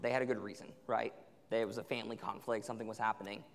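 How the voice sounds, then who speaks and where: In a long, reverberant hall, a young man preaches to teenagers in a conversational style, acting out what parents and kids say. His voice is lowish and level in tone, and he speaks very fast.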